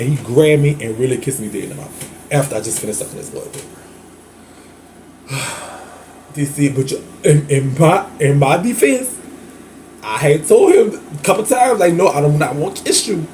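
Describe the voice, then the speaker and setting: A man's voice: fairly high pitch, expressive, moderate pace, long pauses, a little mellow, slight background noise. A man with a New Orleans accent telling a candid storytime monologue, flamboyant and chatty, laughing often and calling his listeners "girl". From Louisiana. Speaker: host.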